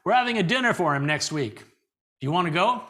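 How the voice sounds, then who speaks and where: A gruff older man who runs a little magic shop, gravelly and blunt, as a man puts him on. He sounds a touch higher than an ordinary speaking voice. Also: expressive, fast, fairly bright tone. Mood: teasing.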